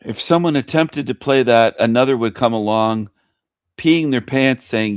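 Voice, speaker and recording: Ranting commentary over clips comes from a male talk show host who is blunt, scornful, profane and repetitive. The mid-range voice is smooth at a normal speed, recorded cleanly in a studio with no echo.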